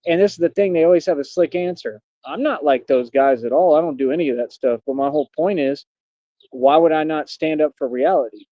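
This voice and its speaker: A man rants on his livestream, boastful, defiant and mocking. His voice sits fairly high yet sounds mellow and warm. The audio is dry and lo-fi. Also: fairly quick, no room sound. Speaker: livestream host. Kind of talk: unscripted ranting monologue.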